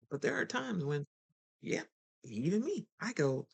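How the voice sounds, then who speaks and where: A lively host talking straight to listeners in a casual self-help chat. The voice sits at a middling pitch, and the delivery stays animated and conversational, with quick turns into acting out other people. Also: creaky, slightly rough. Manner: chatty and direct, addresses listeners. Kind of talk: casual motivational talk.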